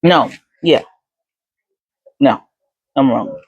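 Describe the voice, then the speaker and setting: A woman's voice: extremely low pitch, expressive, very slow, breathy edge, no echo. A young adult woman vlogging casually, chatty with lots of fillers. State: hiccups. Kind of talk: casual chat.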